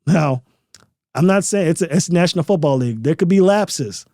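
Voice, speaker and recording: A man hosts a sports podcast in an emphatic, casual way, leaning on repeated phrases. His voice sits a little high but sounds mellow. The recording is dry and close. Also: animated, moderate pace, no echo. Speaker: podcast host.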